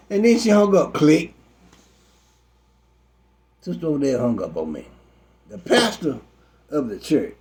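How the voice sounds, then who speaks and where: A man telling a comic story as a frustrated pastor, exasperated and animated. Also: on the high side, a little slow, pauses often. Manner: exasperated, animated, Southern Black church vernacular.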